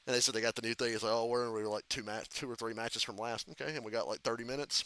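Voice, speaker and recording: A man chatting casually during a live reaction stream, swearing freely while telling animated backstage stories and calling a race. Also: mid-range voice, very fast, hardly any pauses, smooth, dry recording. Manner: profane animated storytelling. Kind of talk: casual chat with friend.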